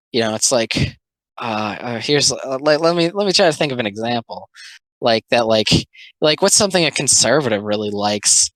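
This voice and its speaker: A young adult video commentator speaking in casual, rambling comic commentary, full of "like" fillers and sarcastic asides, sometimes dropping into quick mocking character voices. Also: mid-range voice, pushed and bright, dry recording, low-quality recording.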